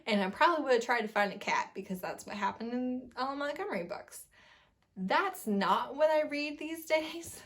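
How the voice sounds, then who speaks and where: A woman in her thirties, a book vlogger chatting at home about novels she loves, gushing and animated and laughing often. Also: medium pitch. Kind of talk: casual book tag chat.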